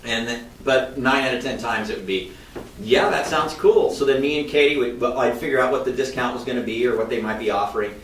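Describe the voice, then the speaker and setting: A man's voice: steady tone, fast talker, few pauses, fairly bright tone, slight background noise. A man in casual podcast storytelling, a mortgage loan officer who acts out the voices he quotes. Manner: chatty, acts out quoted voices with shifting pitch. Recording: roomy, slightly distant mic.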